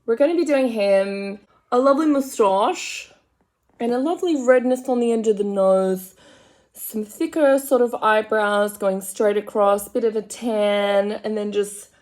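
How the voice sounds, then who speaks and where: A woman's voice: medium pitch, vocal fry. A young woman with an Australian accent chatting frankly and rambling while she does her makeup at home. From Australian countryside. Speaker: makeup vlogger. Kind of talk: casual chatty commentary.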